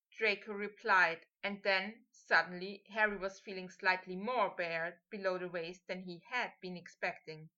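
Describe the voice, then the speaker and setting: A woman narrating a fan fiction audiobook with steady, intimate storytelling, on a slightly muffled recording. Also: on the low side, unhurried, few pauses. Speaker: audiobook reader.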